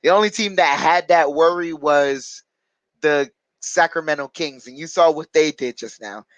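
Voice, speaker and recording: A man's voice: a little high, unhurried, a bit bright, no echo, lo-fi sound. A man hosting a live basketball watch-along, casually reading out viewer comments and answering them with plenty of fillers. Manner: casual, reads out viewer chat comments and replies; chatty, hesitant with frequent fillers. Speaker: watch-along stream host.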